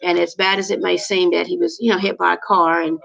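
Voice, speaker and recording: Gravelly low-voiced woman giving heartfelt advice. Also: flat delivery, brisk, fairly bright tone. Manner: preachy, heartfelt, talks to viewers as y'all. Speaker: livestream host. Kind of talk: casual motivational talk to viewers. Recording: dull lo-fi recording.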